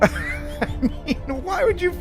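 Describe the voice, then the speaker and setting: A male host chatting casually on a live stream, his pitch rising and falling widely. He exclaims and laughs often, with faint music underneath. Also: very animated, slow pace.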